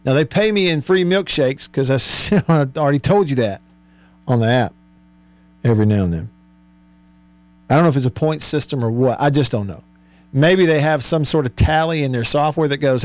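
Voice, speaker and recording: A man's voice: mid-range voice, normal speed, no echo. A man hosting a radio talk show, chatting and joking with his co-host and laughing often. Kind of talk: casual on-air banter.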